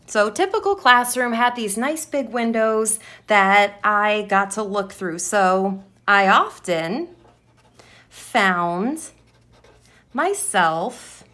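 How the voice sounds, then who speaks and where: A woman's voice: a little high, fairly bright tone. A woman teaching a writing lesson, modeling her sentences aloud and repeating words as she writes them down. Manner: slow, deliberate, repeats words while writing.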